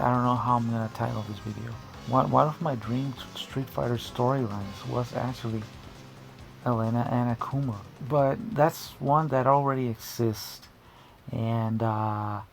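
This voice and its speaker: A man's voice: medium pitch, gravelly. A man giving casual, rambling commentary to camera, often restarting sentences and drifting into asides. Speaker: video creator.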